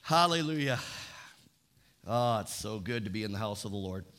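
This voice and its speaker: A man preaching a sermon as pastor, reading scripture slowly and calling on the congregation to repeat after him. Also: lowish voice, animated, a bit bright.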